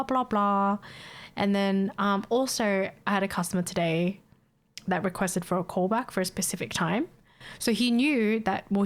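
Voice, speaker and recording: A young woman streams and talks straight to her viewers, blunt and foul-mouthed as she rants. Her voice sits at an ordinary middle pitch, and she speaks in loose, casual chat. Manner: blunt, swears freely, ranting and laughing. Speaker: livestreamer.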